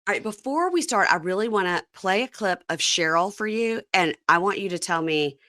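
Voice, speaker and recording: A woman's voice: mid-range voice, expressive, brisk, pushed and bright, dry recording. A woman from Mississippi hosting a podcast, chatting casually with rambling, self-deprecating asides. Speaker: podcast host. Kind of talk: casual chat.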